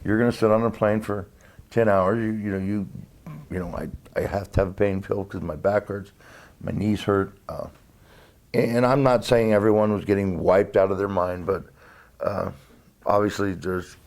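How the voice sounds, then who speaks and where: A man's voice: fairly low pitch, fairly even intonation, moderate pace, a little mellow. A man telling an old road story in a casual interview, hesitant, with many fillers and restarts. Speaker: former wrestler.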